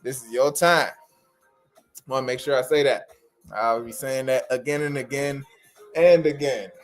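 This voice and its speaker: Soft music plays in the background as this man, host of an interpreting practice livestream for sign language interpreters, chats informally with his audience. His voice sits in the mid-range, steady in tone and measured in pace, and he often repeats phrases for emphasis.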